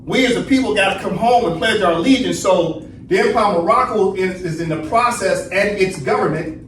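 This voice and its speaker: High-voiced man lecturing in a roomy echo. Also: normal speed, fairly bright tone. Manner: asks questions then answers them, frequent "right?". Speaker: study session teacher. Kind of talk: lecturing class. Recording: roomy echo, distant mic, faint noise.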